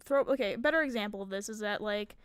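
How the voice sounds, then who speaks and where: A woman's voice: medium pitch, fast, clean tone, no echo, clean studio sound. A young woman in casual chat, animatedly retelling scenes from a roleplay and often laughing. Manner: animated storyteller, acts out quotes, laughs often. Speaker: streamer and roleplayer.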